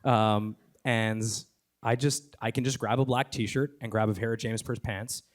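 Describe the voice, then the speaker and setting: A man talking onstage as a podcast host, enthusiastic and rapid, with many fillers, restarts and the odd swear word. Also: medium pitch, steady tone. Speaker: podcast host and guest speaker. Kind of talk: live onstage conversation.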